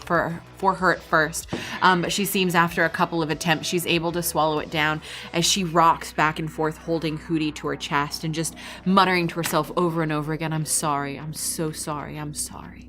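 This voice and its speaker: A woman narrating as game master, describing scenes in a measured way with frequent fillers. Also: sits low, little pitch movement, a bit bright, soft background music.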